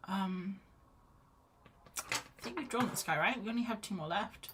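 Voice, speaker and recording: Over a noisy background, a young livestream artist talks unhurriedly while she draws, meandering casually with plenty of fillers and false starts. Her voice sits in the mid-range.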